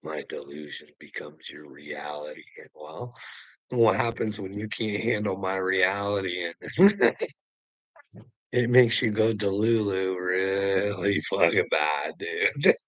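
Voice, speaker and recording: A man's voice: low-pitched, takes it slowly, dry recording, rough recording. A man speaking straight to a viewer, profane and preachy, mocking him and laughing often. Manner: mocking, laughs often, calls listener bud and brother. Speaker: livestream host. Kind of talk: taunting monologue to a viewer.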